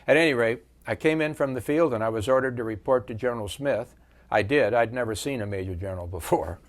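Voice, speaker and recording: A man in his seventies, interviewed as a veteran, recounting wartime memories with measured storytelling and frequent pauses. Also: medium pitch.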